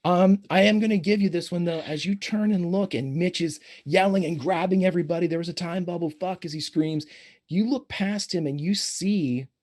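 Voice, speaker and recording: A man running a tabletop role-playing game, describing scenes in a halting, descriptive way. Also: on the high side, darkish tone. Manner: descriptive, halting narration with restarts. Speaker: game master.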